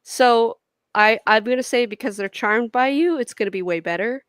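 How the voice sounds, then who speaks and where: A woman's voice: fairly high pitch, moderate pace, clean tone, no room sound. A woman narrating and ruling as dungeon master in a casual tabletop game, explaining with loose fillers. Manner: relaxed explaining, many fillers.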